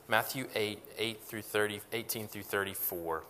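A man's voice: lowish voice, normal speed, few pauses, pushed and bright. A man giving a sermon in an earnest, conversational way, with frequent fillers and restarts. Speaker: pastor. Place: church sanctuary. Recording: long hall reverb.

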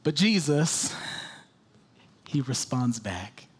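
A man preaching a sermon, swinging from loud pleading questions to hushed whispers. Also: mid-range voice, big pitch swings, extremely slow, husky.

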